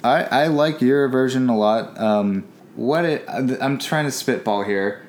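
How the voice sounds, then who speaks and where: A man's voice: mid-range voice, measured pace, slight background noise. A man in casual chat, laid-back and brief, trading ideas with a friend.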